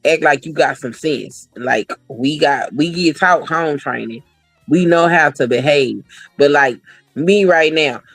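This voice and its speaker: A woman's voice: deep voice, no room sound, rough recording. Woman on a podcast going off, cussing, telling stories all fired up, dry close sound. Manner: blunt and profane, animated storytelling. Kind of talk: casual podcast chat.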